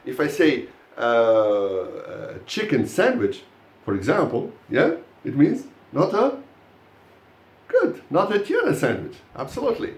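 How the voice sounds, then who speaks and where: A man teaching a live pronunciation lesson to a class, praising students warmly as they answer. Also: mid-range voice, takes it slowly, roomy sound. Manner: encouraging, lively praise of students. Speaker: English teacher.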